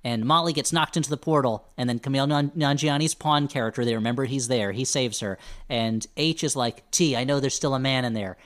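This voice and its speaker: A man's voice: mid-range voice, a little fast, a bit bright. A man hosting a podcast, casually recapping a movie plot with wry asides. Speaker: podcast host.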